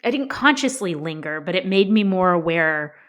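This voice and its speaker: A woman's voice: lowish voice, lively intonation, moderate pace, fairly bright tone. A woman co-hosting a book club podcast, talking in a thoughtful, musing way. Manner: thoughtful, musing, frequent you know and right. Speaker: podcast co-host. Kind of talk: casual book club discussion.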